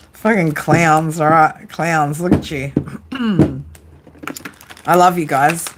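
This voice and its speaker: A woman's voice: low-pitched, takes it slowly, pauses often, background noise. Teasing, foul-mouthed woman reading tarot. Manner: teasing, profane banter with viewers. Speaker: psychic tarot reader. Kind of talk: casual live-stream tarot reading.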